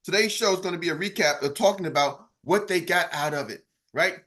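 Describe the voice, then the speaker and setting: A man hosting a group call, shouting and swinging his voice up and down as he fires up the team, tired from a sleepless night. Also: brisk, hardly any pauses. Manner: shouting woos, wildly swinging pitch and loudness. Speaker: host and coach. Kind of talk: hyped call-and-response on a group call.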